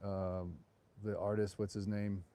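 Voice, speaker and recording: A man's voice: fairly low pitch, little pitch movement, a little slow, mellow. A middle-aged man hosting a live walking tour at night, chatting and digressing as he goes, recorded on a phone outdoors. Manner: rambling, digressive, chatty asides. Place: outdoors on a town street at night.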